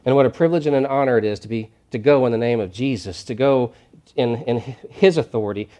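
This man's sermon comes fast and at a medium pitch as he stands at a church podium in the role of pastor. Emphatic and repetitive with his key phrases, he alternates between hushed moments and loud climaxes.

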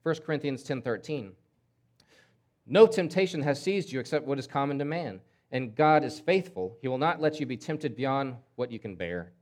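A man's voice: mid-range voice, animated, normal speed, darkish tone. A man preaching a sermon in an emphatic way, often repeating words and acting out quoted voices. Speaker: pastor.

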